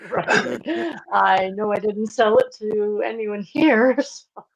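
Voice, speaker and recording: A woman's voice: medium pitch, slow pace, low-quality recording. A woman player at a tabletop game, chatting casually and laughing.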